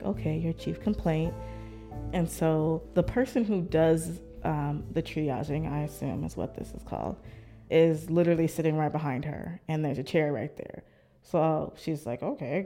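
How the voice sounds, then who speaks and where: A woman in her thirties, interviewed about her life, candidly tells a personal story and acts out what other people said. Her voice sits low and creaky with a dark tone, and her manner is reflective.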